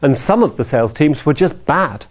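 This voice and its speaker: A man's voice: fairly high pitch, lively intonation, moderate pace. A man giving a storytelling talk who often checks in with his listeners by asking "yeah?". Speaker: speaker.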